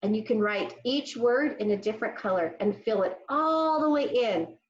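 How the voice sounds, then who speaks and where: A woman teaching an early-grades class over video, cheerful and slowing into a sing-song when she recites lines for the children to repeat. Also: fairly high pitch, expressive, echoey room, dull audio. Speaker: elementary school teacher. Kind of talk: remote classroom lesson for young children.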